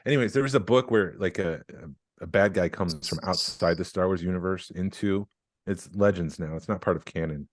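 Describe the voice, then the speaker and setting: A man hosting a podcast, chatting in a relaxed, rambling way with filler words. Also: low-pitched, normal speed, dry recording, clean studio sound. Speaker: podcast host. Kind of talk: casual chat.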